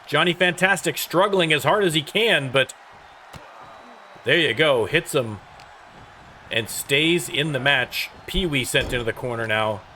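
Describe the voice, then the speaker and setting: A man calling wrestling play-by-play and hosting the show, rattling off moves and rising to shouts on big hits. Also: a little high, unhurried, pauses often, a little hiss or hum. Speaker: play-by-play commentator and show host.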